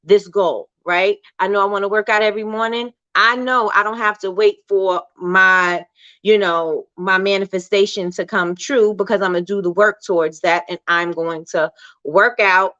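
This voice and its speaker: A woman's voice: mid-range voice, a bit bright, no room sound, dull audio. A woman hosting a casual motivational livestream, chatty and encouraging, often asking "right?" and reading out viewer comments. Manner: reads viewer comments aloud. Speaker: livestream host.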